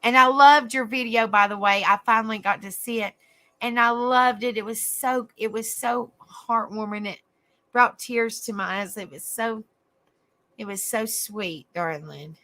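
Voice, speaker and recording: Young Southern woman, livestream host, sweet and chatty, clear bright tone. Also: on the high side, unhurried. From South Carolina, raised in Tennessee. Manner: chatty, endearing terms like honey and darling, frequent restarts. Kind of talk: casual live chat with viewers.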